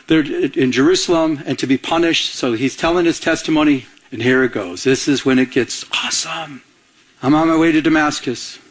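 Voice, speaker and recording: A man's voice: medium pitch, a bit bright, low-quality recording. A man preaching a sermon, calling for amens from the congregation and acting out the people in the story, often restarting words. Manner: preaching with call-and-response and acted-out quotes. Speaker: pastor.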